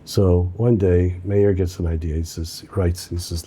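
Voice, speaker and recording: A man teaching a lesson through an animated, conversational story. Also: sits low, normal speed, few pauses, slightly rough.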